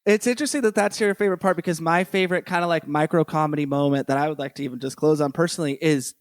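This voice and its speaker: A man's voice: fairly high pitch, racing, no room sound, studio quality. A man co-hosting a podcast, chatting casually about a film, often affirming and laughing along. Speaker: podcast co-host.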